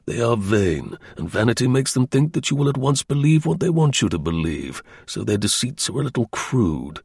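A man voicing a calm, shrewd British intelligence officer in an audiobook reading. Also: medium pitch, moderate pace, vocal fry, husky, no room sound, clean studio sound, full character voice. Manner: imperturbable, dryly confident. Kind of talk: audiobook character voice.

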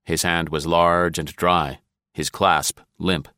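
Deep-voiced male audiobook narrator. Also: level tone, slow, sharp tone, clear, resonant tone, dry recording, studio quality. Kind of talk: scripted narration.

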